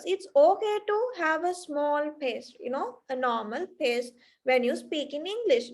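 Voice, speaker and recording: High-voiced Sri Lankan woman teaching English. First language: Sinhala. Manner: explanatory, often checks with "right?" and starts with "now". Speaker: English tutor. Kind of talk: online spoken English lesson.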